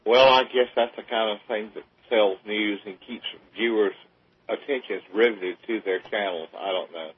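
Husky low-voiced man on a tinny phone line. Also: moderate pace. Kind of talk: casual radio talk.

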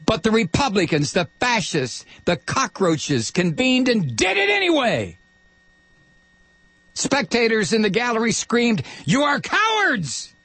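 Man, radio talk host, angry rant, rhetorical questions, husky, dry close sound. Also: high-pitched, wildly swooping pitch, measured pace, dry recording. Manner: angry, firing off repeated rhetorical questions, shouting at times. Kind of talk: impassioned political call-in radio rant.

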